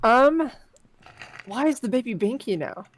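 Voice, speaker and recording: A woman co-hosting a text adventure stream, chatting casually with playful deadpan jokes and reading story lines aloud. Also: on the high side, measured pace. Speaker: co-host playing a text adventure game.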